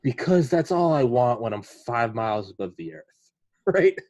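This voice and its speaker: A man's voice: medium pitch, big pitch swings, unhurried, a little mellow, no echo, highs cut off. A man hosting a podcast, talking casually and rambling, swearing often and retelling stories in quoted voices. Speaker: podcast host.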